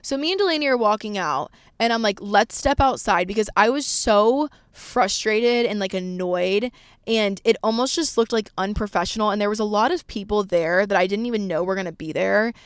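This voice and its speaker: A woman's voice: medium pitch, moderate pace, clean tone, dry recording, clean studio sound. A woman in her twenties telling a candid, rambling story in a casual vlog, swearing freely and saying "like" often. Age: 20s. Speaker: vlogger.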